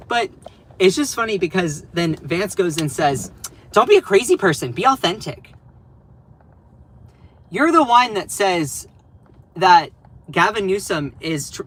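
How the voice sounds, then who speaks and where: A man hosting a political commentary live stream, animated and sarcastic, laughing often as he talks. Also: high voice, rough recording.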